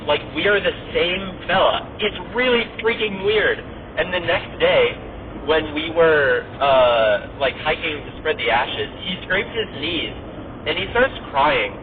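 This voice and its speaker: A man hosting a podcast, chatting casually in a rambling way, full of "like" and "you know". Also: on the high side. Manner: rambling, filler-heavy, lots of "like" and "you know". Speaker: podcast host. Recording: tinny phone-like audio with faint noise.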